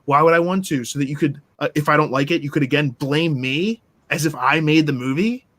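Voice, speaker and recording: A man's voice: a little high, fairly quick, fairly bright tone. A man in a casual movie-review chat, ranting with passion and acting out the people he quotes. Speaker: podcast co-host.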